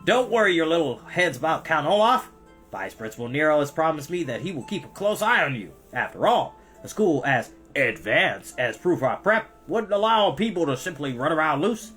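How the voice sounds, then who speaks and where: A storytelling reader voicing a pompous middle-aged male banker guardian, talking slowly and loudly between coughs. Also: medium pitch, big pitch swings, faint music behind. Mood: patronizing.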